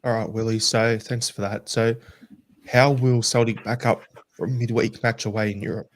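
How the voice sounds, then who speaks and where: A man's voice: on the low side, fairly even intonation, moderate pace. Man hosting a football podcast, losing his voice. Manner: steers the talk, hands questions to co-hosts. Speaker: podcast host. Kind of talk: casual football chat.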